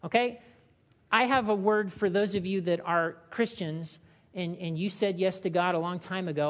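A woman's voice: lowish voice, normal speed. A woman pastor preaching a sermon in a conversational style, asking the congregation questions and acting out short voices. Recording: long hall reverb.

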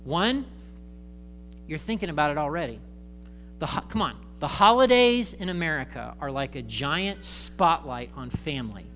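A male pastor giving a conversational, animated sermon in church, acting out voices. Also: a little high, moderate pace, slight background noise.

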